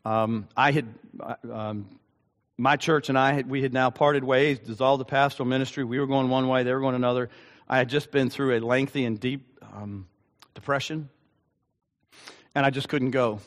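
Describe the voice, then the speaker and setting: A male pastor delivering a sermon with a personal story, earnest and halting, with frequent ums. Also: medium pitch, fairly even intonation. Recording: long hall reverb.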